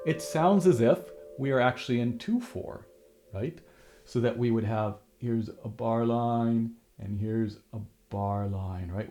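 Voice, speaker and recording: A man's voice: mid-range voice, normal speed, mellow, faint music behind. A man teaching a harp lesson, explaining rhythm and counting the beats aloud as he plays, with frequent restarts.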